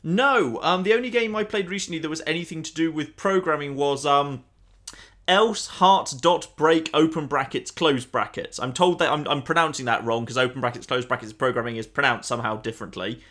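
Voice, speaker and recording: A man's voice: on the high side, quick pace, hardly any pauses, sharp tone. A man co-hosting a podcast in casual chat, explaining eagerly with lots of ums and restarts. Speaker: podcast co-host.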